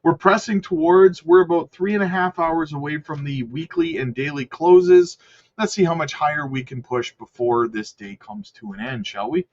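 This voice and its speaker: A man's voice: a little high, moderate pace, lo-fi sound. A man giving casual, chatty market commentary on crypto charts, upbeat and talking straight to his viewers. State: hiccups.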